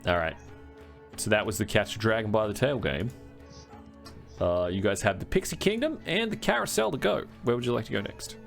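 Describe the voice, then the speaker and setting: Man running a tabletop game, low voice. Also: expressive, a little fast, creaky, soft background music. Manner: rambling, many fillers and restarts. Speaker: game master.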